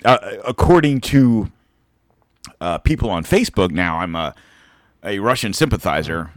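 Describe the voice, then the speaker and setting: A man's voice: on the low side, expressive, moderate pace, no room sound, clean studio sound. A man on a podcast chatting casually, joking, swearing and rambling, a few beers in and burping. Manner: rambling, joking, profane, laughs often. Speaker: podcast co-host.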